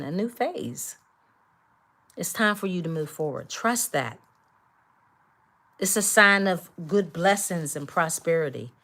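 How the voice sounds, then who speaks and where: A woman doing a collective tarot reading, speaking emphatically and repetitively straight to her viewers. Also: low-pitched. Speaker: tarot reader.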